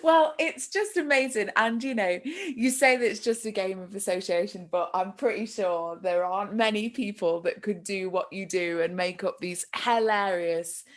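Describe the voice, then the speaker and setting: A woman's voice: medium pitch, normal speed. A woman hosting a casual interview, encouraging her guest and laughing along. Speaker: podcast host.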